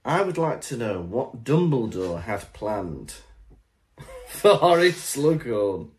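A man's voice: medium pitch, slow. Playful podcast co-host, man. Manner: playful, deadpan recaps with silly voices. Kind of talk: casual comedic chat.

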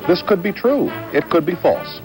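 A man's voice: sits high, big pitch swings, normal speed, music in the background, rough recording. A man hosting a late-night talk show in a casual, wry, joking way. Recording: 1970s TV broadcast audio.

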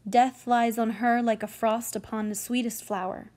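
A bustling nobleman father who hurries his servants along, read by a woman. He is brisk and bossy. It is a light classroom reading in a voice on the high side. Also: flat delivery, darkish tone, close to an everyday voice. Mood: grieving. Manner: brisk, ordering servants about.

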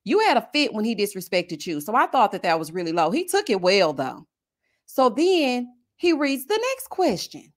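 Speaking at normal speed in a mid-range voice, this woman reviews a reality TV show. She's sassy and animated, playing out the quoted people as a commentator would.

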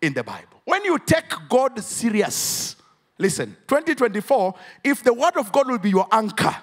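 Man, pastor, Ugandan English accent, church sermon, sing-song call-and-response, lively rising and falling pitch. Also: moderate pace. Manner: preaching with call-and-response to the congregation; rises into shouted, sing-song emphasis.

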